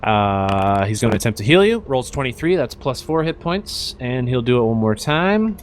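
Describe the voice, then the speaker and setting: Male game master, relaxed, filler-heavy, faint room ambience. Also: medium pitch, moderate pace, slight background noise. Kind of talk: narrating a tabletop game.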